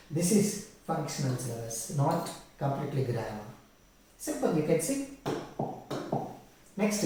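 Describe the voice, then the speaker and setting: A man's voice: a little high, mellow, a little hiss or hum. Man teaching, far off in an echoey room. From India. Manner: walks through exam questions, repeating key terms. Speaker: English teacher. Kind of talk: exam-prep lecture.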